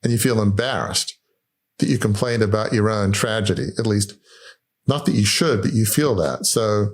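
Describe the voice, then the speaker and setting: A man hosting a podcast, asking questions and telling a personal story in a reflective way. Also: on the low side. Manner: reflective and warm-hearted storytelling. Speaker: podcast host. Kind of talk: interview conversation.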